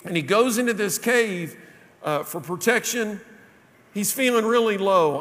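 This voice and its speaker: A man preaching a sermon, telling a story and dropping his voice low for quoted lines. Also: unhurried, fairly bright tone. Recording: long reverb of a large hall.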